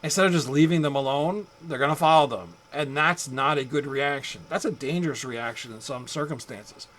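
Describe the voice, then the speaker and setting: A man's voice: medium pitch, fairly quick, a bit bright, poor audio. A man giving a psychology lecture in a loose, conversational way, with rhetorical asides and acted-out examples. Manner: conversational, rhetorical asides, acts out angry drivers. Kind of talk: recorded classroom lecture.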